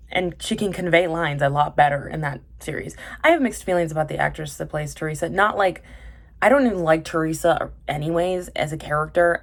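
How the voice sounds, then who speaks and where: A young woman chats on her vlog in a casual, rambling way, drifting into tangents and restarting her sentences. Her voice sits low for a woman. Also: creaky. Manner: chatty, tangent-prone, full of fillers and self-corrections. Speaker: vlogger reviewing TV dramas.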